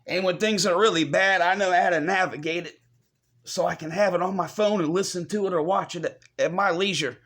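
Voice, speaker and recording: A man giving a confessional vlog update to his viewers, choked up and fighting back tears, halting and apologetic as he repeats himself. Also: high voice, fairly bright tone. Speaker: vlogger.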